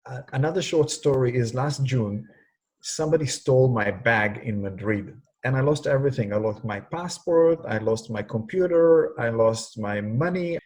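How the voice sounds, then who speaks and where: A middle-aged man from Singapore, a guest in an interview, telling stories in a lively way and sometimes crying out sounds. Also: medium pitch, moderate pace, breathy edge, low-quality recording. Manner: animated, cries out sounds when telling stories. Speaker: interview guest, speaker on leadership. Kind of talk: conversational storytelling interview.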